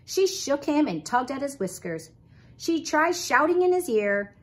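A preschool teacher, a woman, reading a picture book aloud with expressive storytelling. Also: sits high, a little slow.

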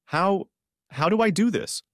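Man doing a tearful young bride, raised pitch, halting and stammering, audiobook reading, dry close sound. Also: lively intonation, fairly bright tone, no echo. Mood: distressed. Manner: halting, stammering through tears.

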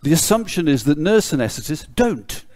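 A man's voice: a little high, very animated, brisk, darkish tone, dry recording. A British man giving a conference lecture, with a wry, sardonic humour and blunt asides. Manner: blunt, mildly swearing asides.

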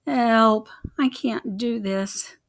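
A woman's voice: fairly high pitch, very slow. A woman voicing a nervous, fussy male mouse in a storybook reading, with a stammering, whiny manner. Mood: fretful.

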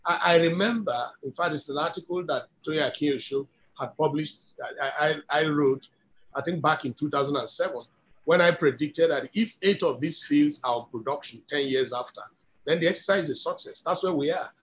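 A man's voice: on the high side, brisk, a bit bright. A man with a Nigerian accent speaking as an industry guest on a webinar, making his points emphatically and persuasively and often repeating words as he builds an argument. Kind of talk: webinar talk. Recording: dull lo-fi webinar audio.

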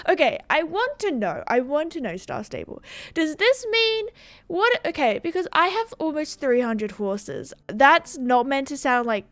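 A young Australian woman with an Australian accent, casually reading a game blog aloud with chatty, excitable asides. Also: a little high, dry recording. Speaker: gaming video creator.

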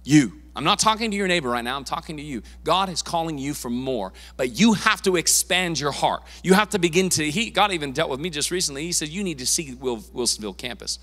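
A male pastor preaching a sermon in a church, casual and emphatic, with quick asides and repeated words. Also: on the high side, lively intonation, sharp tone. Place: church sanctuary. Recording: long reverb of a church hall.

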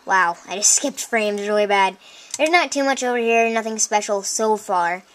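A woman commenting on her own video game play, chatty and easily excited, often breaking into exclamations and talking straight to her viewers. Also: mid-range voice, moderate pace, slight background noise. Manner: chatty, addresses viewers directly. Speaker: let's play host. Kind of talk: gameplay commentary.

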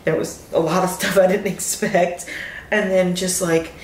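A woman's voice: fairly low pitch, fairly even intonation, unhurried, darkish tone, roomy sound, slight background noise. A woman, a new mother, gushing and giggling as she talks casually to the camera in a hospital room. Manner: gushing, giggly, overcome with emotion. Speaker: new mother vlogging her birth. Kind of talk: casual vlog.

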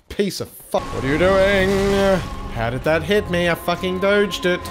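A man giving live gameplay commentary as a gaming channel host, excitable and swearing often at the game. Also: high-pitched, measured pace, slight background noise. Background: game music.

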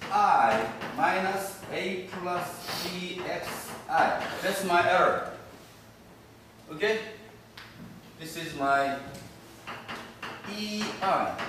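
A male university professor gives a classroom lecture, speaking in short halting phrases and often checking in with "okay?". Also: high voice, background noise. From South Korea. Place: lecture room. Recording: echoey room from far off.

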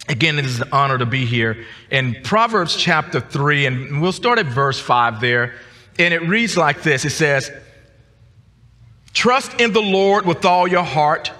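Guy preaching, gets loud and shouty, repeats words, bright voice, church echo. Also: lively intonation, normal speed. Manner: climbs to high emphatic shouts, repeats words. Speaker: guest preacher. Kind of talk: sermon. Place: church sanctuary. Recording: long church reverb.

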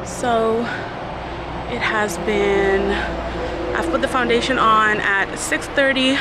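A woman's voice: fairly high pitch, steady tone, slow pace, heavy background noise. Chatty young-sounding woman vlogger. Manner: chatty, informal, addresses viewers as guys. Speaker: beauty vlogger. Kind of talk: casual chat to camera.

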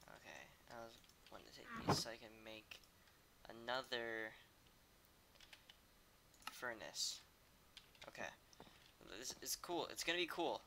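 A man's voice: medium pitch, lively intonation, measured pace, creaky, long pauses, noisy background. A young man casually streaming a video game, grumbling, swearing and snapping in irritation. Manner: irritable, swearing, sudden angry outbursts. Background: keyboard typing and mouse clicks.

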